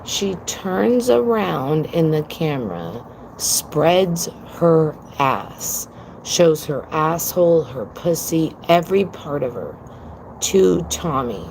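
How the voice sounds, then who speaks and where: Her low-pitched voice is a little mellow, and the rough recording has a bit of hiss or hum. Streaming from home on her phone, the woman recounts a story to viewers in a blunt, cursing, forceful way, addressing them as "girl."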